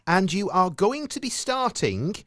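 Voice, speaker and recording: Lively Manchester man, dry close sound. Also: sits high, a little slow, dry recording. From United Kingdom. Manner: friendly, lively, teasing with a playful sense of humor. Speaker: radio station host interviewing guests. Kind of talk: casual interview chat.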